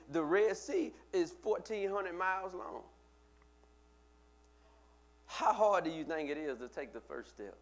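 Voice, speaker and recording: Fairly high-voiced man preaching a sermon. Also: lively intonation, normal speed. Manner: conversational preaching, repeats words, talks to the congregation. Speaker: pastor.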